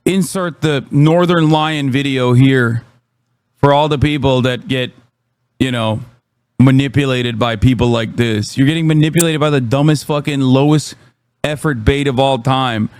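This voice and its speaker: A man's voice: medium pitch, normal speed, a little mellow, clear, resonant tone, dry recording. A man live-streaming, ranting about chat trolls in heated, profane, sarcastic commentary.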